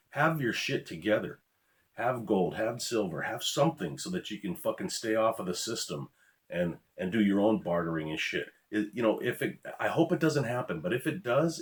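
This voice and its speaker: Deep voiced guy in his 50s, ex cop, cussing and ranting at the camera. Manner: blunt, profane, preachy warnings. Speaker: former law enforcement officer, channel host.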